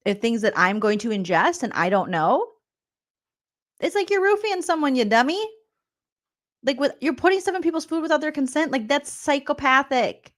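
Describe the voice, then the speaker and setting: A woman comedian recapping reality TV in a loud, profane, incredulous rant, laughing often. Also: high-pitched, moderate pace.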